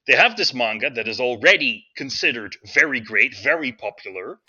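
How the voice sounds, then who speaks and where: A man co-hosting a casual podcast chat, acting out quotes from scenes in an animated way. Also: mid-range voice, moderate pace, breathy edge, no echo, lo-fi sound. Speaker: podcast co-host.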